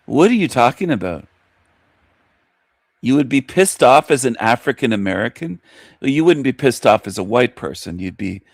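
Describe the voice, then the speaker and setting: A man's voice: mid-range voice, no room sound, clean studio sound. A man hosting a reaction commentary, mocking and confronting the video he is watching. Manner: mocking, confrontational, talks back at the clip.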